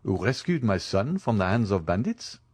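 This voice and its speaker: A man's voice: lowish voice, big pitch swings, normal speed, darkish tone, husky. A man reading the part of a formal older general in an audiobook. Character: proud older French general, count.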